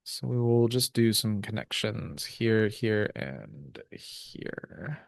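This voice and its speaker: A man reading game rules aloud and describing scenes in a relaxed way, with many fillers. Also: fairly low pitch, takes it slowly, vocal fry, no echo, studio quality. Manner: relaxed, full of ums and uhs. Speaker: tabletop game player.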